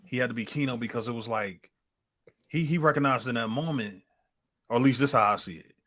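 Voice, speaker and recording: A man's voice: medium pitch, a little fast, fairly bright tone, no echo, clean studio sound. A man co-hosting a podcast, talking in an emphatic, slangy way. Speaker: podcast co-host. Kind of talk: casual chat.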